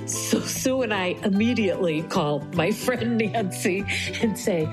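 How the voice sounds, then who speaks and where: A woman's voice: medium pitch, a little slow, music in the background, low-quality recording. A middle-aged woman telling a personal story to an interviewer, acting out what others said. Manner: animated, acts out quoted voices.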